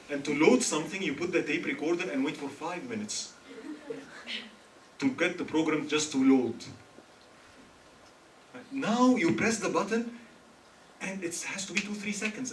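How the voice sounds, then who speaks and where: A man from Egypt giving a humorous religious talk to a live audience, joking and quizzing listeners with questions. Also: on the high side. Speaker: speaker at a student religious gathering. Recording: echoey hall, mic far off, faint hiss.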